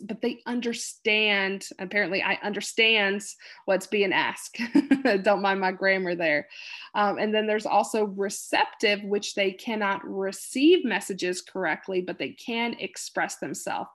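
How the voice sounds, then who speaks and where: A woman nursing instructor giving a casual recorded lecture, chatty and rambling, with many fillers and patient quotes acted out. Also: mid-range voice.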